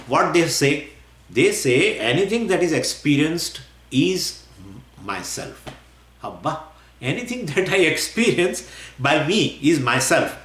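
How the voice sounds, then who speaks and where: A man teaching scripture in a lecture. He talks in an animated way, acts out imagined questions and often chuckles. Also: a little high, a little hiss or hum. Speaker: spiritual teacher. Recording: roomy echo.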